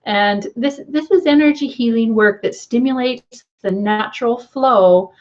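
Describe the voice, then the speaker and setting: A woman's voice: on the high side, unhurried, dull audio. Encouraging woman coaching a tapping session. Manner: gentle, encouraging, repeats "okay". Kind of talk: guided tapping lesson.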